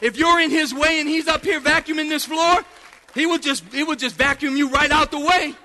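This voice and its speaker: A man preaching a fiery sermon, calling out to the congregation and shouting at the peaks. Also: very high-pitched, fairly even intonation, fairly quick, long reverb tail.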